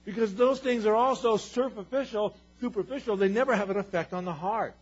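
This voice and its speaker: Man, pastor, sermon, husky, slightly high voice, earnest, emphatic repetition, dull lo-fi recording. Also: a little fast. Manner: earnest preaching, builds to emphatic repeated declarations.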